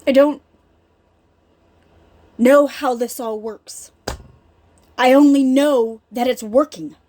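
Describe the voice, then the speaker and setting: A middle-aged woman from a healing ministry gives a heartfelt faith talk in a strikingly high voice with a dark tone. She takes it slowly, speaking earnestly and emphatically and addressing listeners directly as though they were right in the room.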